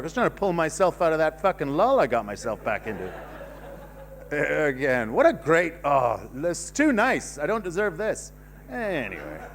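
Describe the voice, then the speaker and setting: A man's voice: on the high side, gravelly, big-room sound, slight background noise. Rambling self-deprecating stand-up man. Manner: rambling, self-deprecating, swings from loud bursts to mumbling. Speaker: stand-up comedian. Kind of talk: stand-up comedy set. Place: cinema stage before a live audience.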